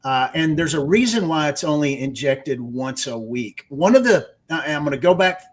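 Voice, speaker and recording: A man with a Texas accent speaks as a radio guest, in a slightly higher-pitched voice. He explains technical details step by step and often checks in with a quick "okay.". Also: animated. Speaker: guest, research executive. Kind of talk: explanatory interview answer.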